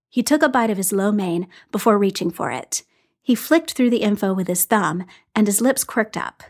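A woman reading a story aloud in an even, unhurried storytelling voice. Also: mid-range voice, breathy edge. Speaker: story reader. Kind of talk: reading fan fiction aloud.

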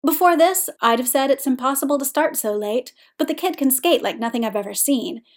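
Brief: brisk hockey coach man, read by a woman, plain and direct. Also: high voice, lightly acted. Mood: matter-of-fact. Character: gruff adult male ice hockey coach.

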